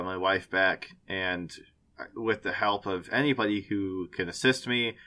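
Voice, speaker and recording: A man doing a halting, remorseful husband. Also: deep voice, pushed and bright. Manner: halting, earnest, stumbling over words. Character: remorseful man apologizing to the sea spirit.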